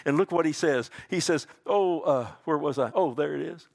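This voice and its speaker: A man preaching a sermon, calling his listeners "loved one", dropping to hushed tones and rising to loud emphatic peaks, with frequent restarts. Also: moderate pace, vocal fry. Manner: swings between hushed lows and loud emphatic highs; addresses listeners as "loved one", asks "amen?". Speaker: pastor.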